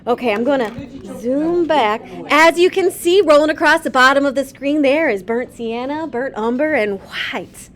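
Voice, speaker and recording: Gentle woman teaching painting. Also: high-pitched, unhurried. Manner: gentle, chatty instruction. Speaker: art teacher. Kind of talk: painting demonstration.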